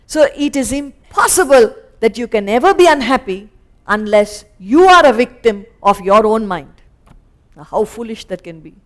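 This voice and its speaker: A woman with an Indian English accent teaching scripture as a spiritual teacher, animated and acting out little scenes. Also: on the high side, moderate pace. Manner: animated, acts out little scenes in quoted voices. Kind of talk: lecture on scripture. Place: lecture hall.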